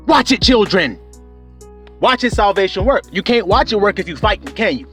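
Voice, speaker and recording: A man preaching a fervent sermon, calling out to his listeners with whoops and shouts. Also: high voice, expressive, moderate pace, faint music behind.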